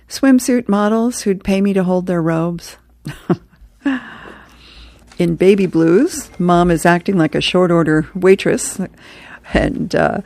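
Woman host, low gravelly voice, laughs between comic readings, dry booth sound. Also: darkish tone, dry recording. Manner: chuckles between items, reads comic strips aloud. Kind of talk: casual reading aloud.

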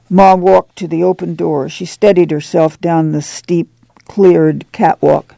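A man narrating an audiobook in a measured, even storytelling manner. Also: on the high side, creaky, no room sound.

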